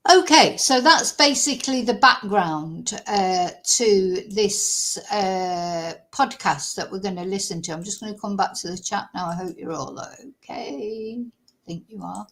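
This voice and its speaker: A woman's voice: mid-range voice, measured pace, a bit bright. Chatty woman rambling on a live stream, true crime chat, lots of ums. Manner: rambling, chatty, many fillers. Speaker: commentator on a true crime channel.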